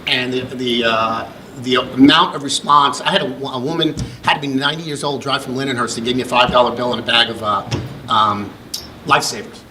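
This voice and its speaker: A man's voice: mid-range voice, steady tone, brisk, noisy background. A middle-aged American man presenting an award at a ceremony, telling a long anecdote with restarts and fillers. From United States. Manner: rambling anecdotal delivery with many restarts. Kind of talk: storytelling speech. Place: function room.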